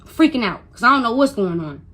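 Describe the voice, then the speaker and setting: Young adult mother, bright husky voice, emotional storytelling, stammers and repeats, faint music underneath. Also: a little high, animated, a little fast. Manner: stutters and repeats when upset, quotes others. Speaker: mother telling her story. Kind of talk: emotional first-person storytelling.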